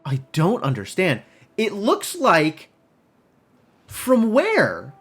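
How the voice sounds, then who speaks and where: A man's voice: high-pitched, fairly bright tone, breathy edge. A man streaming a game live, thinking aloud in casual, rambling commentary full of "like" and puzzled questions to himself.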